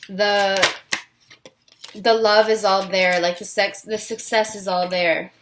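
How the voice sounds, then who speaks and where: A woman's voice: medium pitch, little pitch movement, slow, a bit bright. Woman tarot reader, earnest and reassuring, talks in loose run-on sentences and gets choked up at times. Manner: earnest and encouraging, filler-heavy with many restarts. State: near tears, voice catching. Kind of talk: casual tarot reading to camera.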